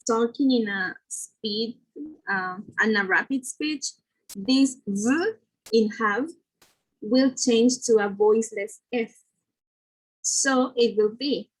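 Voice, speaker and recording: A woman explains pronunciation rules in a phonetics lesson, pausing on fillers as she goes. Her voice sits fairly high and has a breathy, husky edge. She takes her time, speaking slowly and carefully. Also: poor audio.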